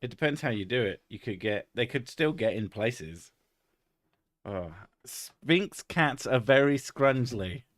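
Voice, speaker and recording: A man hosts a live stream, trading crude jokes and swearing freely in loose, rambling chat. His voice sits at an ordinary pitch, recorded close and dry with no room sound. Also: expressive, measured pace, fairly bright tone, dry recording. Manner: crude, joking, swears often. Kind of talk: casual chat.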